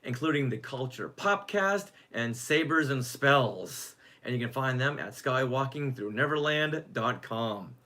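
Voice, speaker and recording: A man's voice: mid-range voice, expressive, unhurried, hardly any pauses, sharp tone. A man co-hosting a podcast, chatting casually and sometimes tripping over and repeating his words. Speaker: podcast co-host.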